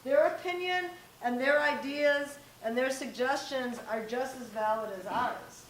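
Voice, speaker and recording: A middle-aged woman with a fairly high voice talks to a room of parents and teens in a direct, conversational way, now and then acting out bits of dialogue. The room is echoey and a faint hiss sits under her voice. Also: measured pace, distant mic. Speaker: parenting workshop presenter. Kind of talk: live presentation to parents and teens.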